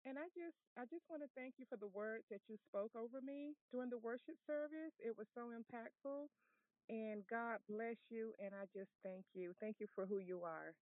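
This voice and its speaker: Lady caller gushing thanks, kinda high voice, sounds like a tinny phone line. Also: moderate pace, no echo. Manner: gushing, repetitive. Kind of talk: heartfelt thanks.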